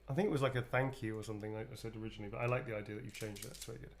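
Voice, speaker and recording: A man's voice: lowish voice, fairly even intonation, racing, gravelly, hardly any pauses, a little hiss or hum. A man chatting casually on a livestream while signing autographs, joking, laughing and swearing freely.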